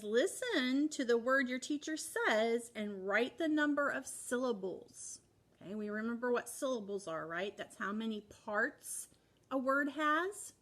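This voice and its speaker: A woman's voice: on the high side, fairly bright tone. A woman teaching young children a spelling lesson from home, patiently sounding words out part by part.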